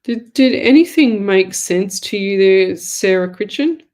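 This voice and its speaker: A woman hosts a live call-in show as a psychic medium. She talks in a loose, chatty, rambling way and addresses listeners warmly as "lovey". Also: mid-range voice, animated, measured pace. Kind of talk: live online call-in readings.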